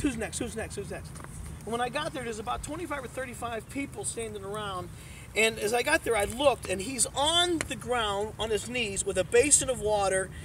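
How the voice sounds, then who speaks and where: A man preaching a sermon as a youth pastor, telling a story in an animated, emphatic storytelling style. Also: high voice, recorded from a distance, slight background noise, low-quality recording. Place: youth event.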